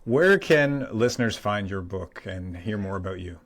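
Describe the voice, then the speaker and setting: A man hosting a podcast interview, appreciative and quick to laugh. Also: on the low side, expressive, fairly bright tone. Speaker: podcast host.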